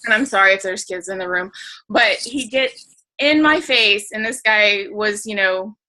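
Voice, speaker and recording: A woman's voice: medium pitch, expressive, normal speed, pushed and bright, low-quality recording. A woman telling a story on a group video call, chatty and emotional, with lots of "like" and fillers. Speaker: team member sharing a story on a group call. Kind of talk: casual storytelling.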